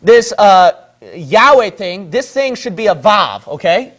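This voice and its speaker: A man's voice: sits high, animated, normal speed, fairly bright tone. A man giving a lecture from a page of notes, arguing his case and checking in with "okay?" after his points, from the Philippines. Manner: argumentative, repeats points with "okay?". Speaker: religious video presenter. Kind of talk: lecture on a whiteboard.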